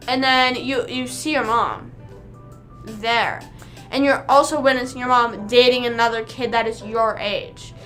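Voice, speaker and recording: Young woman, livestreamer, slightly high voice, bright, chatty, rambling, many fillers, casual stream talk. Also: fairly even intonation, unhurried, soft background music.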